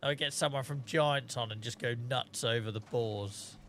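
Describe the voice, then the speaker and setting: Male streamer, jokey and rambling, bright forceful tone, faint background noise. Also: medium pitch, moderate pace. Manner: jokey, rambling, laughs often. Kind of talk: casual gameplay commentary.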